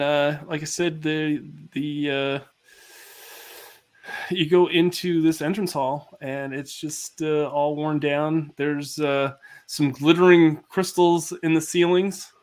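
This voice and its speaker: A man's voice: on the high side, fairly even intonation, slow pace, darkish tone. A man narrating as game master, hesitant with many fillers.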